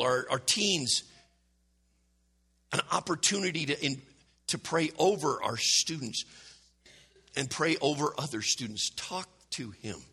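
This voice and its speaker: Man preaching, husky bright voice, lively pitch, asks the room questions. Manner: conversational preaching with rhetorical questions and self-corrections. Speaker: pastor. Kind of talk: sermon.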